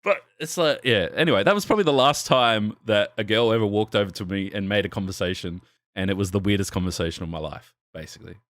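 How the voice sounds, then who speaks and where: A young podcast co-host with a fairly low, fairly bright voice talks fast through a casual chat, telling a bar story full of swearing and laughter and putting on the voices of the people in it. His desk microphone on an arm gives a dry, studio-quality sound.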